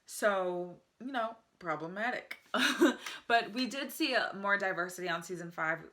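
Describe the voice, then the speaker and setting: A woman's voice: medium pitch, lively intonation, a little slow, bright, forceful tone. A young American woman vlogging casually at home, chatty and enthusiastic, often laughing as she talks to the camera. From United States. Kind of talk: casual vlog review.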